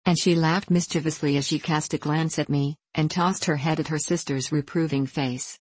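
A woman reads a classic adventure novel aloud in a measured storytelling manner. Her voice sits low, recorded dry and close with no room sound. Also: fairly even intonation, darkish tone, husky, no room sound, rough recording. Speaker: audiobook narrator. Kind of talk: scripted narration of a classic novel.

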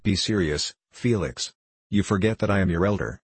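Guy reading a grumpy proud older sister, low husky voice, reproachful. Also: normal speed, no echo. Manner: reproachful, weary. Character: proud, gloomy elder sister, impatient.

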